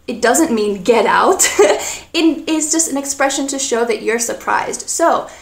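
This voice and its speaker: High-voiced woman teaching slowly. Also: roomy sound. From North America. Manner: slow, clear and expressive, acting out example lines with gasps. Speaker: English teacher. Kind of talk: spoken English lesson.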